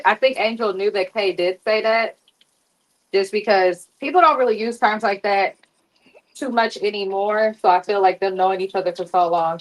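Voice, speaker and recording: A woman co-hosting a casual reality TV recap, giving emphatic opinions and repeating her points for effect. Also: medium pitch. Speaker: podcast co-host.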